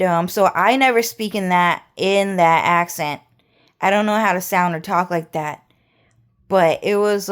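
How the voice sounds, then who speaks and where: A woman's voice: on the low side, smooth. A woman vlogger talking in a rambling monologue, repeating words and restarting her phrases.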